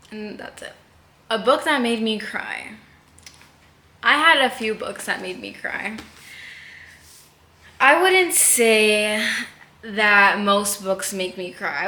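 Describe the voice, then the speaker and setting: A young woman talks books to camera in a gushing, chatty way, laughing often. Her voice is bright and forward, and the room around her sounds echoey. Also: medium pitch. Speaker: book vlogger. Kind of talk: casual book chat to camera.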